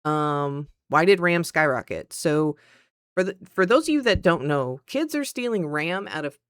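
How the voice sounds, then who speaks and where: A woman streamer chatting casually at her PC, telling a story in an animated way and acting out the other people's lines. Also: low-pitched, measured pace, clear, resonant tone, no room sound, clean studio sound. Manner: animated, acts out quoted dialogue. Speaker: streamer and content creator.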